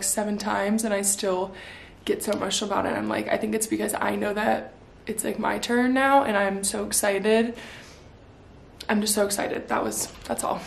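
Young woman, casual home vlog, excitable, filler-heavy, echoey room. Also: medium pitch, vocal fry, a little hiss or hum. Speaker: vlogger.

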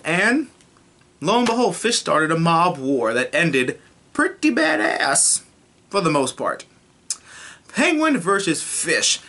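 Bright, animated young male TV reviewer. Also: fairly high pitch. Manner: animated, profane, acts out scenes in voices. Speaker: YouTube TV reviewer. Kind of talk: casual spoiler review.

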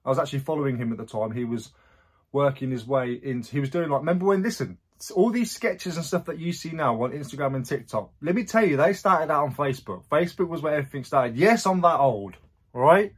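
A man's voice: a little high, lively intonation, quick pace, breathy edge. A man, chatting casually in a rambling vlog about his resale sales and his past. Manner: chatty, rambling, self-correcting asides. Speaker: online reseller.

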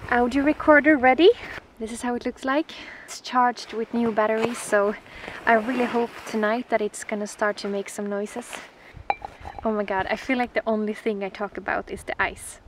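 A Swedish woman vlogging outdoors on a frozen lake, speaking in a gentle, dreamy, excitable way that sometimes drops softly toward a whisper. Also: fairly high pitch, background noise. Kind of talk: casual vlog talk to camera.

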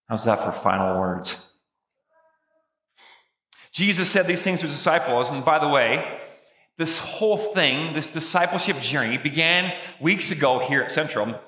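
Speaking at normal speed with lively intonation, a man with a mid-range voice preaches in a bright, forceful tone. He's a pastor telling jokey stories conversationally in a church sanctuary, recorded in an echoey space with lengthy reverb.

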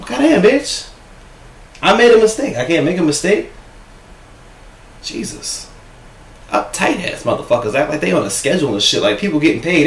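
A man vlogging a casual reaction-video rant from home, sassy, profane and animated, talking to his own camera. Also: on the high side, normal speed, pauses often. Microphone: camera set up in front of him. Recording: echoey room.

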